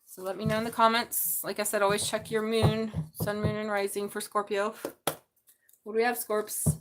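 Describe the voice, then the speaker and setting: A woman hosting a live tarot reading from her bedroom, thinking aloud and often breaking into excited exclamations. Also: medium pitch, moderate pace, slight background noise. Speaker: tarot reader.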